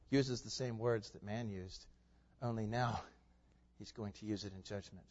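A man preaching a sermon, animated, with loud emphatic peaks and laughing asides. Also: fairly low pitch, slow pace, pauses often. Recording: dull reverberant hall sound.

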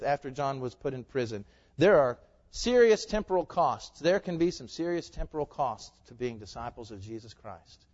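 A man's voice: medium pitch, animated, moderate pace, a little mellow. A man preaching a sermon in a church, pressing his listeners with rhetorical questions. His voice carries a long hall reverb, and the recording sounds a little dull. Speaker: pastor. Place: church sanctuary.

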